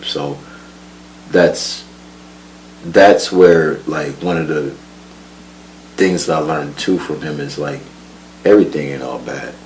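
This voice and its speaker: A young man casually telling a story from his life, animated and profane, laughing often and mimicking the people he quotes. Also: very deep voice, slow, pauses often, a little hiss or hum, poor audio.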